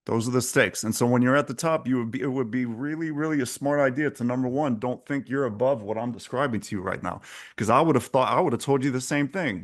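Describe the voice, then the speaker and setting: A man talking as an interview guest, with intense, emphatic delivery. His voice is mid-pitched, and the preacher-like drive carries through his stories. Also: fairly quick, fairly bright tone. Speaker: podcast guest, coach. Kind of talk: candid interview talk.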